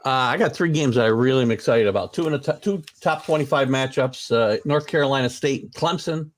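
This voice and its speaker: A man's voice: mid-range voice, fairly quick. A man hosting a casual sports talk show, opinionated and rambling, with lots of fillers and restarts.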